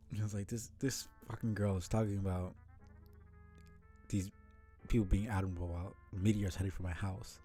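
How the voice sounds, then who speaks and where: Male streamer, casual reader and commenter, low dark voice, laughs a lot. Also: fairly even intonation, moderate pace, long pauses, breathy edge, faint music behind. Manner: casual, swears freely, laughs often. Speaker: streamer reading a webcomic aloud.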